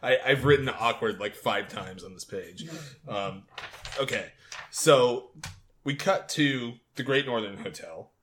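A man co-hosting a casual recap podcast, animated, laughing often and acting out quotes from scenes. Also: mid-range voice, a little slow, a little hiss or hum. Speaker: podcast co-host.

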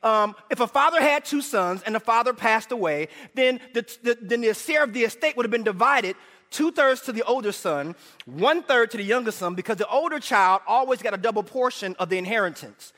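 A middle-aged man preaching a sermon in a church, animated, shouting for emphasis and prompting the congregation to call back. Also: very high-pitched, brisk. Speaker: pastor. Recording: echoey hall reverb.

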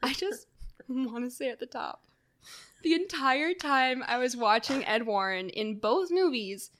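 A woman co-hosting a casual podcast, explaining points quickly with wry humor. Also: sits high, animated, a bit bright. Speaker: podcast co-host. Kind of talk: casual chat.

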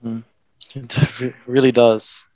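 A man's voice: medium pitch, little pitch movement, slow pace, darkish tone, dry recording. A young man, probably in his twenties, telling a personal story in casual conversation, rambling with restarts and nervous laughs. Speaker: guest.

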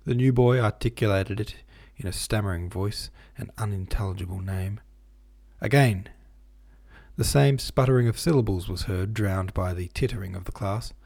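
Husky-voiced man reading a novel aloud. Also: fairly low pitch. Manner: steady, measured reading that stops to explain footnotes. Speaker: audiobook reader.

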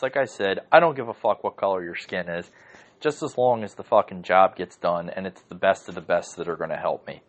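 Ranting, profane man with a low voice. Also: muffled recording. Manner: heated, profane, rambling with many fillers. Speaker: podcast host. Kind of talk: casual rant. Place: home.

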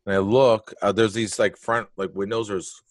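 A man's voice: on the low side, normal speed, no echo. A man telling a story in casual conversation, swearing freely and acting out the other people's lines. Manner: animated, profane, acts out quotes.

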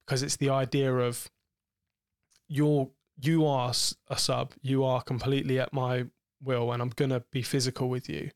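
A man's voice: medium pitch, flat delivery, normal speed, smooth, no room sound, clean studio sound. A man, co-hosting a podcast, talking frankly and explicitly about sex in a rambling way with many fillers. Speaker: podcast co-host.

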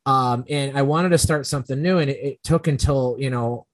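A man hosts a relaxed podcast from a home setup. His voice sits in a middle register, and it is recorded dry and close, with almost no room sound. He talks in loose, rambling stretches and circles back to fix what he said. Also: medium pitch, brisk, no echo. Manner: rambling, self-correcting storyteller. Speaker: podcast host. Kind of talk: casual podcast chat.

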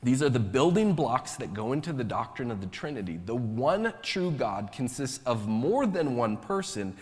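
A man's voice: mid-range voice, very animated, normal speed, a little mellow, in a large hall. A man preaching a sermon as pastor, conversational and joking in his asides.

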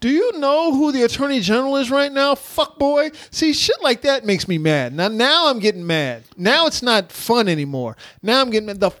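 A man's voice: very high-pitched, big pitch swings, moderate pace, hardly any pauses, fairly bright tone, dry recording. A man co-hosting a podcast in casual chat, ranting with exasperated, profane outbursts. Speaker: podcast co-host.

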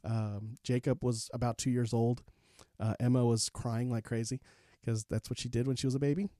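A man's voice: medium pitch, little pitch movement, moderate pace, dark tone, no room sound, clean studio sound. A man in his forties, a podcast guest, candidly recounting his life story with plenty of fillers and restarts. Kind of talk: personal storytelling in an interview.

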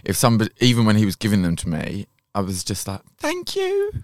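A man's voice: fairly low pitch, fast talker, no room sound, studio quality. A man co-hosting a podcast in casual chat, frank and teasing, laughing often. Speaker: podcast co-host.

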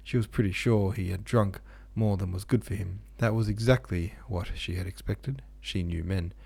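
A man reading a classic novel aloud as audiobook narrator, measured and expressive. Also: lowish voice, creaky, breathy edge, dry recording.

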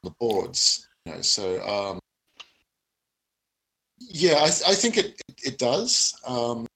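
A man's voice: mid-range voice, wildly swooping pitch, slow, vocal fry, sharp tone, rough recording. A man who paints miniatures for a living, chatting hesitantly on a podcast and restarting his sentences often. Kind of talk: casual podcast chat.

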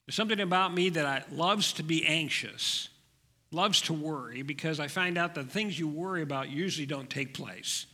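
A man preaching a sermon as pastor, gentle and unhurried, letting his voice drop soft. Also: a little high, long reverb tail.

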